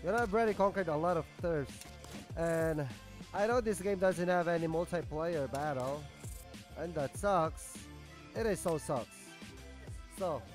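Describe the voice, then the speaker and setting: A man giving casual gameplay commentary, excitable and profane, shouting and cheering at the game as he plays. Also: high-pitched. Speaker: gaming YouTuber. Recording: game music playing underneath.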